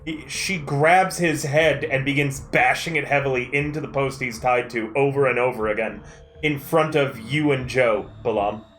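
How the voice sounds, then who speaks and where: A man narrating a tabletop game as dungeon master, calm and measured with frequent fillers. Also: medium pitch, slight background noise.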